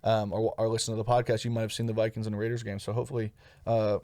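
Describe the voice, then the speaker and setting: A man's voice: lowish voice, flat delivery, very fast, dark tone, no room sound, clean studio sound. A man co-hosting a comedy podcast in casual, rambling chat, swearing freely and laughing often. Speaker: podcast co-host.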